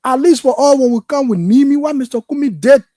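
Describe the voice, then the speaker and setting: A man's voice: very high-pitched, fairly quick, warm tone, dry recording. A man with a Liberian accent hosting a political call-in show, talking in an impassioned, frustrated way. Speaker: radio call-in host. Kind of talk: political talk show commentary.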